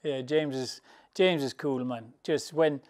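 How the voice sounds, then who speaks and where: In an interview, a boxing trainer from England tells rambling, colloquial stories in an unhurried, mid-range voice. He's an animated storyteller who laughs his way through many of his anecdotes.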